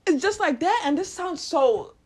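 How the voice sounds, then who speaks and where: A woman's voice: very high-pitched, expressive, normal speed, a little mellow. A woman hosting her own podcast, giving a blunt, profane motivational rant with bursts of laughter. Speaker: podcast host.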